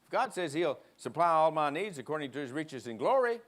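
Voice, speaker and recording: A man preaching a sermon in a church, emphatic, leading the congregation in call-and-response and prodding them with quick asides. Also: on the high side, big pitch swings. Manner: emphatic, prods the crowd with "huh?". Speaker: guest preacher. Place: church sanctuary.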